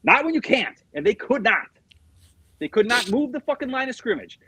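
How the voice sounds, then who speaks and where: A middle-aged man co-hosting a sports chat show, with a husky, rather high voice. He rants in a heated, profane way and swings his pitch all over the place. The sound is dry and close, with no room around it. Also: big pitch swings, normal speed, bright, forceful tone, dry recording, low-quality recording. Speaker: sports podcast co-host.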